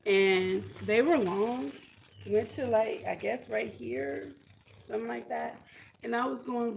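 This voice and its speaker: A woman's voice: a little high, unhurried, gravelly, a little hiss or hum. A woman chatting casually on a homesteading livestream, reading comments and thinking aloud in a chatty, self-deprecating way. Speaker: homesteading vlogger.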